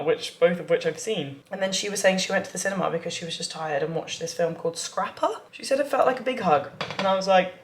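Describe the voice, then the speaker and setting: A woman's voice: on the low side, slight background noise. A young woman vlogging casually, chatty and gushing, with lots of "like". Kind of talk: casual vlog chat.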